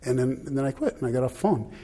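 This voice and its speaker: A man with a husky edge to his voice shares a long personal anecdote. He rambles, restarts and chuckles at his own expense. The tone is casual and unpolished. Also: mid-range voice, lively intonation, racing, mellow. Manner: rambling, self-deprecating, laughs often. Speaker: husband sharing a personal story. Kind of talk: casual storytelling.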